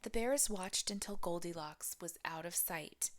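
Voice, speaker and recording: A woman teacher reading a picture book aloud, expressive and often dropping to a whisper. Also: fairly low pitch, measured pace.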